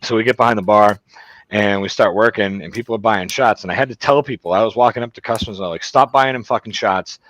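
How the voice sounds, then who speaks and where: Low-voiced man telling rambling, profane stories. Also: fast, fairly bright tone, dry recording, poor audio. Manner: profane, rambling anecdotes with frequent asides. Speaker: show host. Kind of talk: casual storytelling chat.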